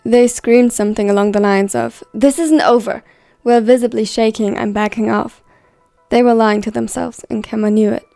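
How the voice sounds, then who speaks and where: A woman reads a dramatic story aloud at a steady, even pace of delivery. Her voice sits fairly high yet sounds mellow, with a gravelly fry. The recording is dry, with faint music underneath. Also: fairly quick, no echo. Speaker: fan fiction reader. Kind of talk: scripted story narration.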